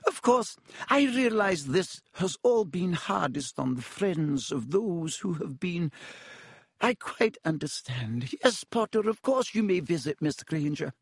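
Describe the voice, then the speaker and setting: A man's voice: sits high, very animated, measured pace, vocal fry, husky, no echo, studio quality, pitched above the performer's own voice, full character voice. A man voicing a strict, stern older female professor in an audiobook, with a clipped, prim delivery. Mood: moved. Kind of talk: audiobook character voice.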